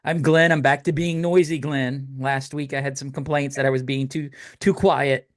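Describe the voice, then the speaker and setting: A man co-hosting a casual podcast chat, animated and quick to laugh, tripping over his words now and then. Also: medium pitch, dry recording, clean studio sound. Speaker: podcast co-host.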